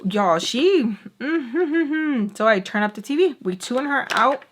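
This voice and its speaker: A woman telling a storytime vlog in an animated, chatty way, full of fillers. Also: a little high, normal speed. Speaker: vlogger. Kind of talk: storytime while doing makeup.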